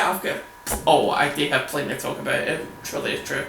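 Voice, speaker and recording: Over his gameplay, this host talks in a steady, medium-pitched voice that moves fairly quickly and carries vocal fry. He rambles, curses and laughs often, recorded on a desk mic in an echoey room with a low hum.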